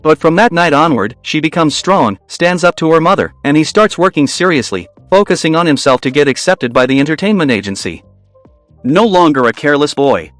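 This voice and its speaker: A man's voice: on the high side, lively intonation, brisk, fairly bright tone, no echo, faint music behind. A man narrating a recap of a school romance drama in a casual, scripted way with wry asides.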